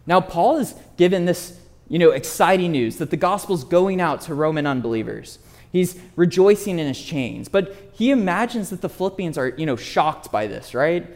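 A man with a notably high voice preaching an expository sermon. He speaks earnestly, leans hard on key words and slows down to stress the verses he quotes, turning now and then to ask his listeners direct questions. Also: expressive.

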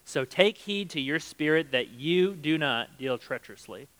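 A man's voice: fairly high pitch, expressive, moderate pace, a bit bright, poor audio. A man preaching a sermon in a conversational way, reading scripture aloud and acting out the quotes. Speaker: pastor.

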